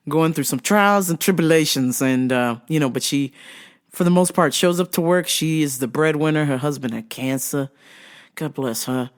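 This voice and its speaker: Female vlog host, unhurried, lively swooping pitch, quick to laugh. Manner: laughs often, animated, quotes others in voices. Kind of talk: casual storytelling vlog.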